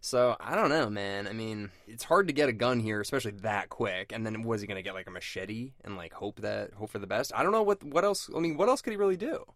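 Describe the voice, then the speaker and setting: A man with a somewhat low voice chats about a film with a friend, animated and quick to laugh. The sound is dry and close, with no room behind it. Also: no room sound. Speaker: podcast co-host. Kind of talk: casual film discussion.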